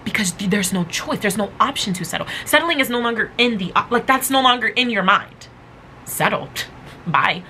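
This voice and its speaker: A woman's voice: mid-range voice, lively intonation, moderate pace, sharp tone, a little hiss or hum, low-quality recording. A woman hosting a motivational podcast, talking casually and emphatically, repeating phrases to drive her point home. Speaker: podcast host.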